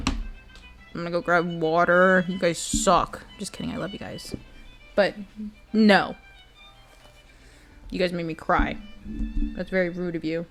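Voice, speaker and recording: A woman's voice: on the low side, unhurried, pauses often, soft background music. A young woman streamer in casual chat with her viewers, giggly and emotional, talking straight to her chat.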